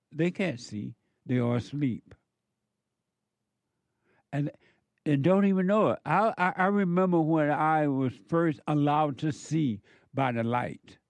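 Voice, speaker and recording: Slow, preachy male radio host. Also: a little high, darkish tone, no echo. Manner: slow, preachy, repetitive emphasis. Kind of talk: spiritual call-in radio talk.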